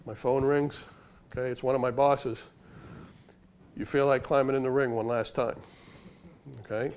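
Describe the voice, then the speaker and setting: A man's voice: medium pitch, steady tone, moderate pace, darkish tone, clear, resonant tone. An older man, a retired undercover agent telling stories to a library audience in a punchy, conversational way. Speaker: author and former undercover agent giving a library talk. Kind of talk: storytelling talk to an audience. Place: library meeting room.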